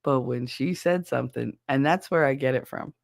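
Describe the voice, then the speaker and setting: A woman's voice: rumbling low, normal speed, vocal fry, no echo, studio quality. A woman hosting a casual chat show, venting bluntly with lots of swearing and laughter. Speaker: podcast host. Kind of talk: casual chat with chat shout-outs.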